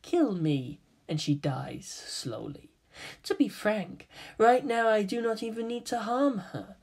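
A reader voicing a calm, menacing teenage half-angel boy who speaks in a cold, quiet, threatening way. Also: medium pitch, a little slow, voice pushed up. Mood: quiet menace.

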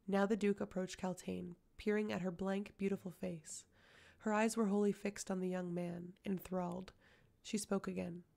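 Woman, audiobook narration, gravelly, flat, steady reading. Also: mid-range voice, normal speed. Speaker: audiobook reader.

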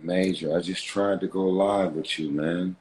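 A man with a very deep voice speaks slowly into his phone on a livestream from a hotel room. He talks fervently and repetitively, calling out to his viewers again and again. A faint hum of noise sits behind him. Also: fairly even intonation, a little mellow. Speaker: livestream host. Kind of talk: casual livestream talk.

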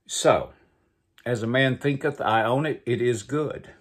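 A man's voice: mid-range voice, measured pace. A man hosting a morning show, reading books and jokes in a folksy, storytelling way. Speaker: host. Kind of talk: casual joke reading.

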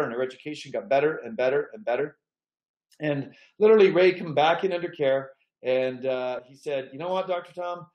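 A man's voice: fairly high pitch, a little mellow, roomy sound, low-quality recording. A man coaching chiropractors, telling stories in a folksy, emphatic way. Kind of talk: storytelling talk to chiropractors.

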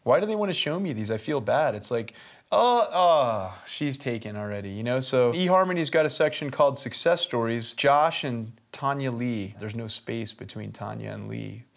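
A man's voice: mid-range voice, normal speed, creaky, hardly any pauses. A man hosting a comedy web show, delivering mocking, sardonic commentary and chuckling through his own jokes.

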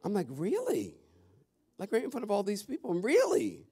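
A pastor with a high, husky voice races through his words in a church sanctuary. His talk to the congregation is casual and animated, with frequent call-outs to the audience.

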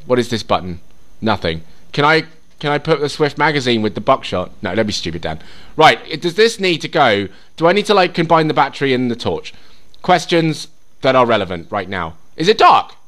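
A young man giving casual, sweary commentary as he plays a survival game, talking to himself and the game. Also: medium pitch. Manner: drops to a whisper while sneaking; shrieks and yells in panic during chases. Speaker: gaming YouTuber. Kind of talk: casual let's-play commentary.

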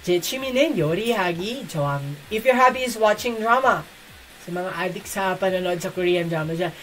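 A woman's voice: lowish voice, animated, a bit bright, slight background noise, rough recording. A Filipino woman teaching Korean in a casual online class, switching between Tagalog and English with playful laughter. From Philippines. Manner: fast, playful, laughs often.

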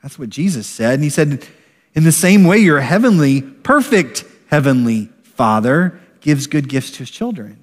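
A middle-aged man preaching a sermon as pastor, animated and acting out voices of a parent. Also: a little high, normal speed. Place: church sanctuary. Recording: long reverb of a large hall.

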